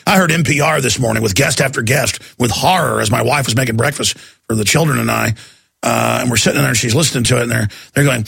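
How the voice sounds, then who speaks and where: Gravelly, heated talk radio host. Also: male voice, medium pitch, quick pace, a bit bright, dry recording. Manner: heated, mocking, mimics voices. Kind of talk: ranting talk radio monologue.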